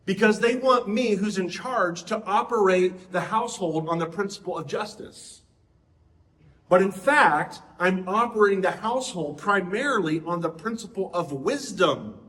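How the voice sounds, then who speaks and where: Middle-aged male preacher, conversational sermon, a bit high-pitched, roomy echo. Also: expressive, moderate pace, a bit bright. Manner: conversational, asks the audience questions.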